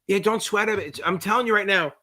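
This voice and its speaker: A middle-aged man with a New Jersey accent, tutoring on a live-stream Q&A in a rambling, profane, excitable way. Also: sits high, fast talker. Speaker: exam prep tutor.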